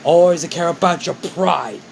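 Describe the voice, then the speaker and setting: A gruff villain mentor, stern and mocking, who talks down to his old apprentice, as a man puts him on. The voice sits fairly high for a man, with a faint hum of noise behind it in this amateur storybook telling. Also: measured pace, rough recording. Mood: scolding. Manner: mocking, scolding, calls the boy kiddo.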